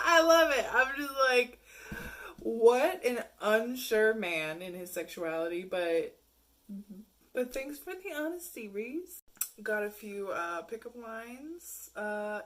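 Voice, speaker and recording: Bright-voiced woman vlogger, frank and crude. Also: fairly high pitch, expressive, takes it slowly. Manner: frank, profane, laughing, mocks messages in put-on voices. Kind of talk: casual storytelling to camera.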